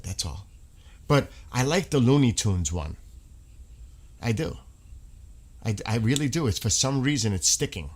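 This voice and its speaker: A man hosting a live stream, chatting casually with viewers, laughing often and breaking into bits of song. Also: fairly low pitch. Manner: laughing, rambling, breaks into sung snippets. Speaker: livestream host.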